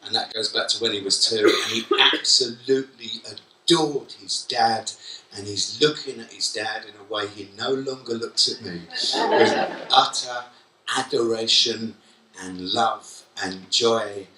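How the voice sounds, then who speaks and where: Bright-voiced man giving a keynote. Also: on the low side, unhurried. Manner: lively, joking, quizzes the audience directly. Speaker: keynote speaker. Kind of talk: conference keynote talk. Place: conference hall at a college. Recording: echoey hall from far off.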